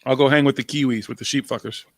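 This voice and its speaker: A man's voice: medium pitch, fairly even intonation, fast, no echo. A man co-hosting a podcast, chatting in crude, blunt, laid-back banter. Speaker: podcast co-host. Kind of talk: casual chat.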